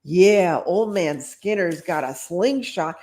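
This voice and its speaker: A woman voicing a middle-sized child in a ghost costume, telling tales excitedly. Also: fairly low pitch, slow.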